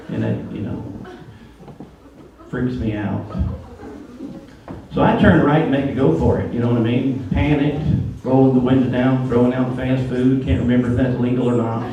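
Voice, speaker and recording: A man's voice: medium pitch, dull audio. A man performing a stand-up comedy routine in a conversational way, with asides to the audience. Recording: echoey, distant, noisy room recording.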